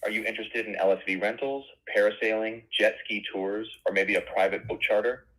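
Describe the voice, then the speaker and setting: Upbeat synthetic male phone agent, quick. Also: fairly low pitch. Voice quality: upbeat, polished and even. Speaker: AI voice agent for a tour company. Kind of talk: scripted customer service phone agent. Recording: phone-line sound.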